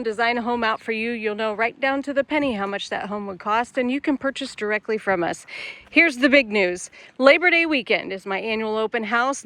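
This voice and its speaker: Upbeat lady sales manager showing off a little mobile home, talky and friendly, voice on the high side. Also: fairly bright tone. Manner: chatty, upbeat sales talk. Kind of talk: casual home walkthrough. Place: outdoors and inside a mobile home at a factory lot.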